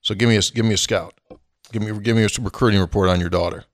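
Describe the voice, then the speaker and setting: A man's voice: on the low side, fairly even intonation, quick pace, no echo. Male co-host, playful, puts on voices, dry close sound. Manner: playful, asks questions, acts out voices. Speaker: podcast co-host. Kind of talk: casual podcast chat.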